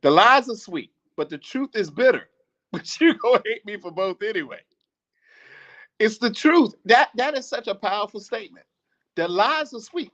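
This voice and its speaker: Animated podcast man, high lively pitch. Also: moderate pace, lo-fi sound. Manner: animated, swearing, laughs often, preachy. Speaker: podcast host. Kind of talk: casual monologue.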